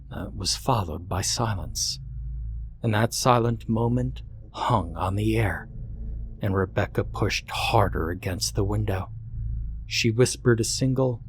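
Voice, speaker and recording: A man narrating a horror story in a measured, suspenseful way. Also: fairly low pitch, a little hiss or hum.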